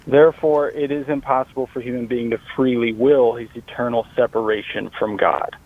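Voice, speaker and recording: A man's voice: medium pitch, fairly even intonation, brisk. A man calling in to a radio show, earnestly laying out a formal argument over the phone. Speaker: caller. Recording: tinny phone line.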